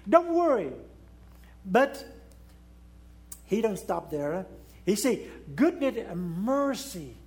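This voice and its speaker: A man preaching a sermon in non-native English, swinging between raised exclamations and hushed, low pleading.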